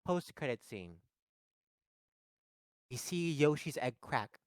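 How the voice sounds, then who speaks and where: A man co-hosting a casual movie podcast, animated and jokey as he tells comic bits. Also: medium pitch, moderate pace, dry recording. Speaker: podcast co-host. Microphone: lavalier microphone.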